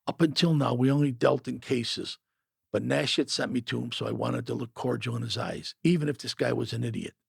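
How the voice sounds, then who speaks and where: A man's voice: medium pitch, steady tone, brisk, creaky, slightly rough, no echo, studio quality. A man narrating a first-person memoir in a gritty, matter-of-fact way.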